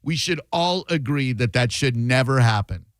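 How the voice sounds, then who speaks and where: A man's voice: mid-range voice, animated, normal speed, dry recording. A man hosting a call-in talk radio show, blunt and opinionated.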